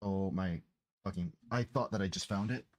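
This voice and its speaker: A man's voice: low voice, normal speed, dry recording. A man streaming his game development, chatting casually in a rambling, profane, exasperated way. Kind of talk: casual livestream chat.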